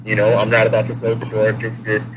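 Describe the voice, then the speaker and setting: A man's voice: on the low side, completely flat delivery, quick pace. A man speaking candidly as an interview guest, talking in a casual, repetitive way that turns heated at points. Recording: noisy with hum.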